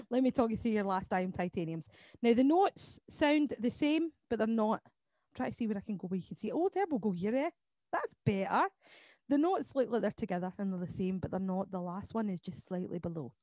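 A woman leading an online choir lesson, explaining each part and counting beats aloud between quick sung demonstrations. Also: medium pitch, animated, dark tone, no room sound. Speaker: choir leader. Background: piano accompaniment.

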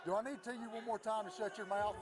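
Firm police officer giving orders. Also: male voice, high-pitched, fairly even intonation, very fast. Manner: firm, commanding. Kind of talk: police questioning on body cam.

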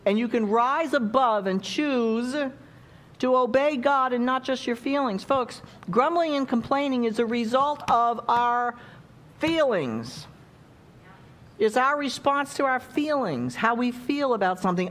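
A woman's voice: a little high, lively intonation, measured pace. A woman preaching a sermon in a conversational way, often checking in with the congregation by asking questions.

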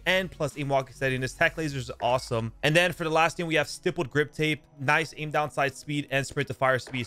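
A young man giving excited, casual commentary over his own shooter gameplay, often exclaiming and swearing at what happens in the match. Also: a little high. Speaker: gaming YouTuber.

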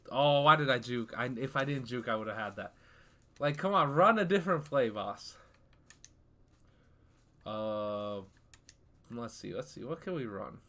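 A gaming YouTuber, a young man, gives casual live commentary over his football video game, getting frustrated easily, trash-talking, and suddenly shouting. His voice is medium-pitched with lively intonation, and he talks a little slowly with frequent pauses.

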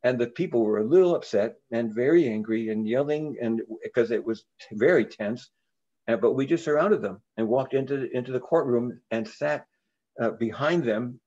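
An older man, a reverend, telling a story in an interview in an earnest way, with frequent halting restarts. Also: mid-range voice, a little mellow, highs cut off.

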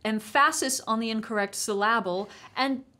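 A woman in casual conversation, telling a story in a wry, animated way and laughing mid-sentence. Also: fairly high pitch, normal speed. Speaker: panel guest.

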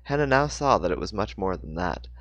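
A man's voice: lowish voice, big pitch swings, a little fast, fairly bright tone, dry recording, muffled recording. A man reading a novel aloud, stumbling and correcting himself now and then. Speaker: audiobook reader.

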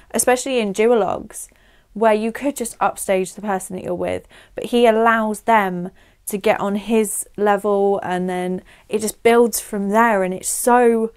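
A woman's voice: medium pitch, smooth. Chatty young woman reviewing films. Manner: chatty and effusive, many "like" fillers. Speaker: film reviewer vlogger. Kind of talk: casual spoken film review to camera.

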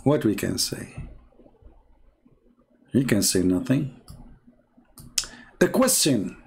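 Incredulous, mocking man with a husky voice. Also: lowish voice, sing-song, slow. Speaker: religious debater. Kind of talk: mocking commentary.

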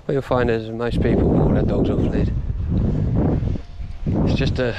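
A man's voice: lowish voice, fairly even intonation, unhurried, dull audio, very noisy. A middle-aged British man, a dog trainer vlogging outdoors on a walk, blunt and lecturing in his casual advice. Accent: British English. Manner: blunt, lecturing, plain-spoken. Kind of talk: casual instructional monologue.

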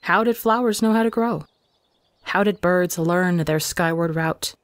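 A man reading a fan story aloud in calm, measured narration. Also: high voice, no echo. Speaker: fanfiction reader. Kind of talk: scripted narration.

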